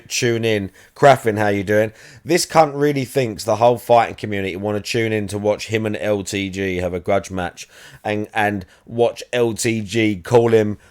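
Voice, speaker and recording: A man hosting a livestream, talking in a crude, mocking, rapid-fire way. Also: on the low side, clear, resonant tone. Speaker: livestream host. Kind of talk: casual livestream commentary.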